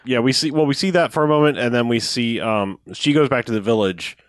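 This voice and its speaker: A man's voice: medium pitch, fairly quick, no echo, clean studio sound. A man casually recapping an old action movie with a friend, laughing often and acting out lines from it. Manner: laid-back, rambling, laughs often, acts out quotes. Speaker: podcast co-host.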